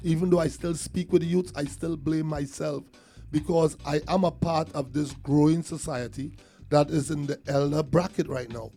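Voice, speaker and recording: A man's voice: a little high, moderate pace, husky. A man with a Trinidadian accent, telling a community story in casual talk, acting out what others said. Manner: animated storyteller, acts out quotes, laughs between lines.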